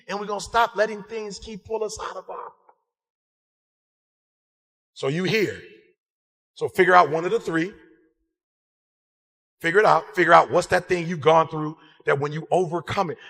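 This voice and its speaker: A man giving an impassioned sermon-style motivational speech, fiery and repetitive, calling out to the crowd and breaking into shouts. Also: sits high, in a large hall. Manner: fiery, repetitive call-and-response, bursts into shouts. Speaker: motivational speaker and preacher.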